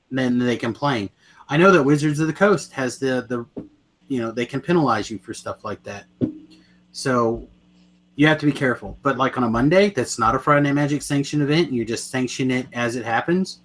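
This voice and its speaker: A podcast co-host with a mid-range, fairly bright voice speaks at a moderate pace in a casual chat about card games. He's enthusiastic, often rambling and correcting himself mid-sentence.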